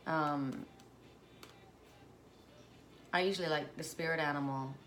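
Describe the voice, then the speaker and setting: Woman, low voice, musing oracle card reader, choked up at times, faint music behind. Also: fairly even intonation, a bit bright. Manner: slow, musing, with coughs and asides. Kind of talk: spiritual card reading.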